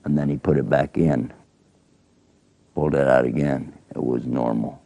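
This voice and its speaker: A man telling a religious story to children in a folksy, animated way. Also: extremely low pitch, normal speed, creaky, dry recording.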